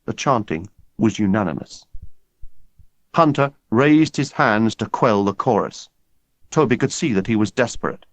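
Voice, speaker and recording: Expressive male audiobook narrator. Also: lowish voice, dry recording. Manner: expressive, measured storytelling. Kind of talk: scripted narration.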